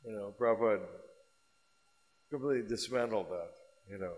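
A man teaching a religious class and telling stories in an animated, rambling way. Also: on the low side, moderate pace. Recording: reverberant hall.

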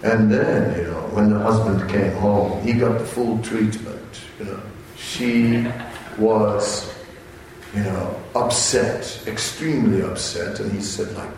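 A man with a somewhat low voice gives a spiritual talk and tells a story slowly, often pausing and restarting. He briefly slips into the voices of the people in the tale. He sounds some distance from the mic in a very echoey room with faint background noise. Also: a little mellow. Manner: halting, unhurried storyteller who briefly voices quoted characters.

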